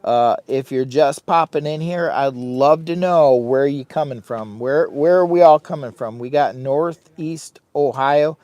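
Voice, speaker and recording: A man's voice: mid-range voice, a little slow, hardly any pauses, a little mellow, no echo. A man hosting a casual outdoor live stream from his campsite, chatting directly with viewers. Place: outdoors by a hot tent, windy campsite.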